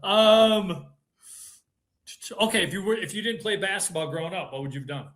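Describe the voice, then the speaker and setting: A man's voice: high-pitched, normal speed, fairly bright tone. A man in his fifties hosting a podcast interview, firing off playful, teasing questions in a casual, jokey way. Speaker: podcast host.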